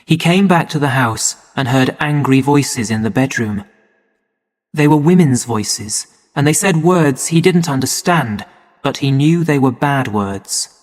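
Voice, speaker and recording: A man narrating a story for English learners in a slow, clear and measured way. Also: medium pitch, expressive. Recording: long hall reverb.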